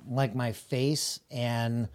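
A man's voice: medium pitch, fairly even intonation, drawn-out words, darkish tone. A middle-aged man chatting casually as a guest, telling rambling stories with laughs and acted-out quoted voices. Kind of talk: casual storytelling chat.

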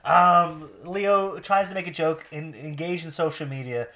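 A man hosting a podcast in casual chat. He is animated and jokey, laughs often, and mocks what other people say. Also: a little high, a little slow. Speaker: podcast host.

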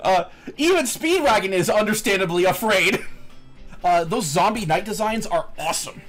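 A man hosting a podcast in casual chat, animated, laughing often and swearing casually. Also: high voice, normal speed, soft background music. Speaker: podcast host. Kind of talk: casual chat recapping an anime.

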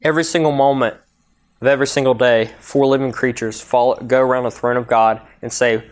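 A man's voice: medium pitch, fairly even intonation, fairly quick. A young adult man preaching a sermon, reading scripture aloud in an earnest, emphatic way.

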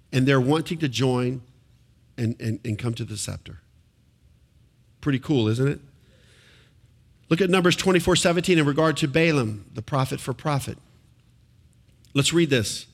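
A pastor preaching a sermon to a congregation in church, animated and often asking the listeners questions. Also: male voice, mid-range voice, moderate pace, vocal fry, long pauses.

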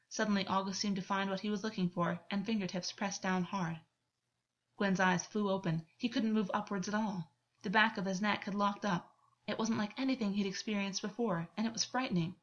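Woman narrating fiction, lo-fi recording. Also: mid-range voice. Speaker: audiobook narrator.

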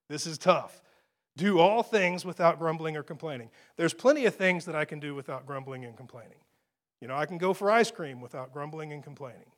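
Male pastor, high voice, chatty and self-mocking, rises to emphatic peaks. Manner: conversational, self-deprecating, builds to emphatic peaks. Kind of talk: sermon.

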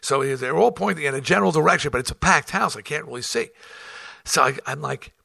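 A rock band front man tells rough tour stories from years on the road in casual storytelling, animated, blunt and profane, acting out quotes and restarting sentences. His voice is gravelly and husky with a sharp, bright edge, on the high side and a little fast. The sound is dry and close, with no room sound.

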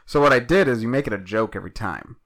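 A man's voice: mid-range voice, expressive, fast, fairly bright tone, a little hiss or hum. A man co-hosting a podcast who laughs often and eagerly spins jokes in improvised chat. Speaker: podcast co-host.

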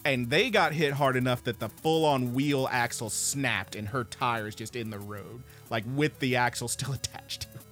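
Casting note: man, podcast co-host, swearing, lively storyteller, mid pitch, faint music underneath. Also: moderate pace. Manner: profane, animated storyteller acting out others' lines.

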